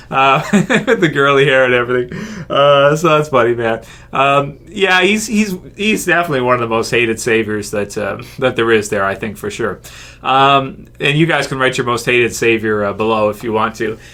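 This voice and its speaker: A man's voice: medium pitch, pushed and bright. A man hosting a casual viewer Q&A. He reads out fan questions and answers them in a rambling, chatty way, laughing often. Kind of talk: casual Q&A chat.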